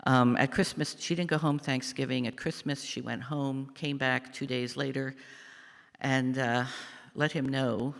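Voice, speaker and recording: An older man giving a church meditation, telling a family story in a halting, reflective way with many pauses and fillers. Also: medium pitch, fairly even intonation, gravelly, a bit bright. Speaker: lay speaker giving a meditation. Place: church sanctuary. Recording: long church reverb.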